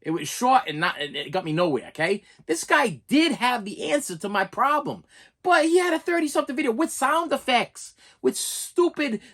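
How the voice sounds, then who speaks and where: A man's voice: very high-pitched, very animated, moderate pace, fairly bright tone. A man ranting on a vlog, exasperated and stammering with repeated words. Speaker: YouTube reviewer.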